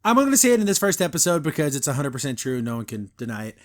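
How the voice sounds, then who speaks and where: A man's voice: mid-range voice, big pitch swings. A middle-aged man hosting a podcast, reviewing a cartoon in casual, rambling chat full of "like" and "uh". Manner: rambling, lots of "like" and "uh", quick put-on voices when recapping scenes.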